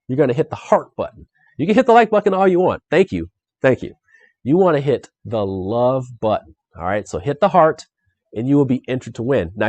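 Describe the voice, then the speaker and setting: An excitable man hosts a live solo board game playthrough and talks straight to his viewers. His pitch swings widely from phrase to phrase. The sound is dry and close, with no room echo. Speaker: board game show host.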